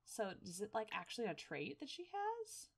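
A woman narrating her game playthrough in a casual, chatty way. Her pitch bounces around in an animated, expressive sweep. She reacts excitably, with gasps and laughter. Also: normal speed, creaky. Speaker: gaming video host. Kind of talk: casual let's-play commentary.

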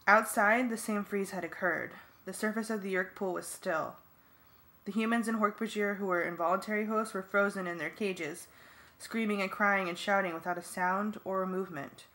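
A woman's voice: mid-range voice, steady tone, moderate pace, pushed and bright. A woman giving earnest first-person narration for a fan audiobook.

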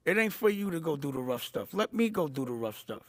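A man's voice: fairly high pitch, sing-song, a little fast, no room sound, clean studio sound. A man being interviewed, speaking emphatically and bluntly, repeating his points and swearing freely. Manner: emphatic, repetitive, blunt, profane. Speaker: interview guest. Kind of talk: candid interview storytelling.

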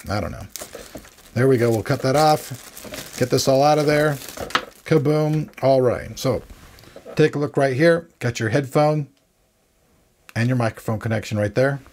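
A man's voice: medium pitch, darkish tone, a little hiss or hum. A man giving casual, rambling commentary as he unboxes and reviews a gaming headset, joking at his own expense. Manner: chatty, rambling, self-deprecating. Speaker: tech reviewer.

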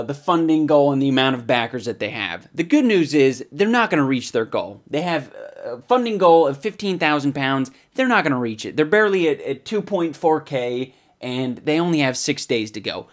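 A young man hosting a comedy vlog, reviewing a product with crude, mocking sarcasm, swearing often and swinging between loud outbursts and muttered asides. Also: fairly high pitch, sing-song, moderate pace, hardly any pauses.

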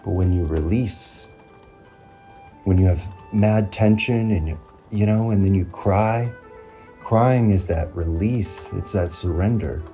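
Motivational vlogger, male, very low and dark voice, faint music underneath. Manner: earnest, repetitive, pausing often, drawn-out phrasing. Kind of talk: reflective motivational monologue.

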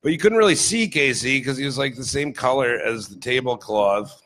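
A man's voice: medium pitch, moderate pace, a bit bright. Rambling, laughing male comedy host. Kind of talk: casual comedic chat.

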